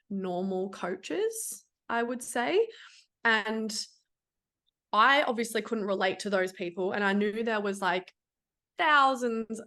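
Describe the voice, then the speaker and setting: A woman coach speaking in a mid-pitched voice as a podcast guest. She is candid and blunt, drops casual swear words, and leans on fillers like "like" in relaxed chat. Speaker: online fitness coach, guest.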